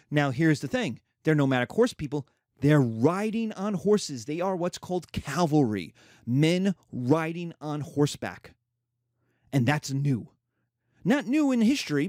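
Animated male history lecturer. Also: on the high side, no echo, studio quality. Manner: animated, acts out voices. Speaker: history teacher.

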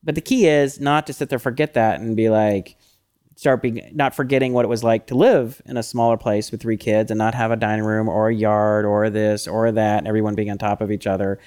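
A middle-aged man co-hosting a podcast, chatting casually with lots of fillers and animated when he quotes himself. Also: on the low side, fairly quick, smooth. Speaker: podcast co-host. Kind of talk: casual chat.

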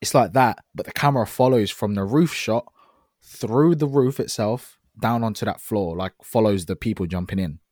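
A man's voice: on the low side, moderate pace, a little mellow, no room sound, studio quality. A man chatting casually as a podcast co-host, rambling with lots of fillers and restarts. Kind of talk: casual chat.

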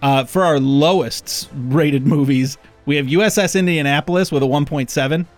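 A man's voice: fairly high pitch, moderate pace, faint music behind. A man hosting a podcast in casual chat, rambling with restarts and swearing freely. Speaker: podcast host.

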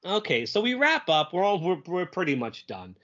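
A man co-hosting a casual podcast, lively and laughing often, quoting characters in goofy voices. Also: sits high, moderate pace. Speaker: podcast co-host. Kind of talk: casual chat. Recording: dull lo-fi audio.

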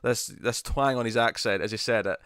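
A man in his casual podcast voice, lively and quick to laugh and tease. His pitch sits in the middle, and the recording is dry with no room echo. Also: clean tone. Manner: animated, laughing, teasing. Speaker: podcast co-host. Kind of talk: casual chat.

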